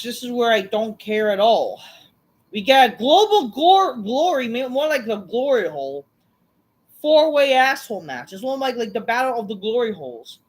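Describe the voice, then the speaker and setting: A woman's voice: high-pitched, low-quality recording. A woman hosting a wrestling review, ranting through a recap in a sarcastic, dismissive way with constant swearing. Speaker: wrestling show reviewer, channel host.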